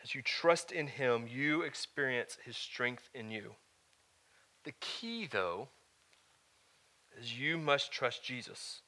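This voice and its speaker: A male pastor delivering a sermon in a bright, forceful voice. He swings between loud, emphatic declarations and quieter, earnest teaching, checking in with the congregation as he goes. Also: medium pitch.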